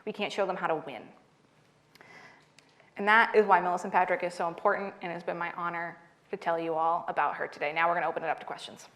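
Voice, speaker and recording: A woman's voice: fairly low pitch, fast talker, background noise. A woman in her thirties, an author giving a talk at a library and taking audience questions, who tells stories with a laugh and acts out the dialogue. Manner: lively storyteller, laughs a lot, acts out dialogue.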